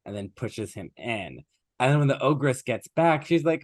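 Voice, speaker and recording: A man's voice: mid-range voice, animated, moderate pace, no room sound, clean studio sound. A man co-hosting a podcast, retelling an old story in a casual, chatty way with plenty of fillers and asides. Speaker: podcast co-host.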